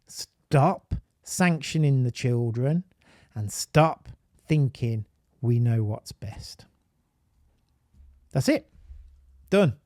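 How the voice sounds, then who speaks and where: A man with a Birmingham accent, an autism advisor and parent, talking in an animated, emphatic monologue with frequent restarts and tangents. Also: mid-range voice, drawn-out words, pauses often, no room sound, studio quality. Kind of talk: casual live-stream monologue.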